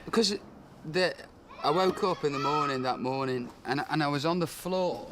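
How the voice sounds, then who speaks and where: A man's voice: a little high, normal speed, noisy background. A young man chatting backstage, sardonic and joking, with frequent swearing. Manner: wisecracking, sardonic, swears freely. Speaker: pop singer. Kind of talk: casual backstage chat. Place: backstage room.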